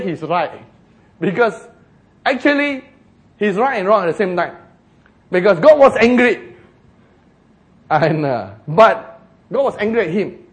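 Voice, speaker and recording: Lively Singaporean English preacher. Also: male voice, sits high. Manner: animated, joking, slows for emphasis. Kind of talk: sermon.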